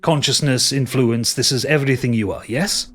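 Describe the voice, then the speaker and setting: A man voicing a weakened, excitable male vampire scholar who lectures frantically on a breakthrough, in a tabletop game. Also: medium pitch, moderate pace, close to an everyday voice. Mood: excited lecturing.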